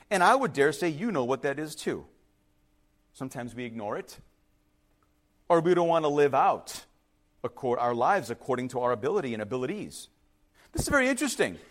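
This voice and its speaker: A man preaching a sermon as a pastor, telling a story in an animated way and repeating words for emphasis. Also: on the high side.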